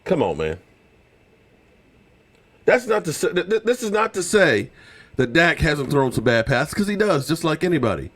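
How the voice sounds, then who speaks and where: A man with a straining voice hosts a live sports stream, loud and fired up, teasing rival fans. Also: on the high side, very animated, moderate pace, long pauses.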